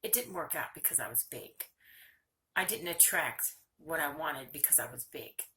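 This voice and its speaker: Earnest older woman with a bright voice. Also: low-pitched, expressive, normal speed, slight background noise. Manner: candid, earnest, close to tears at times. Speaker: vlogger. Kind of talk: personal video monologue.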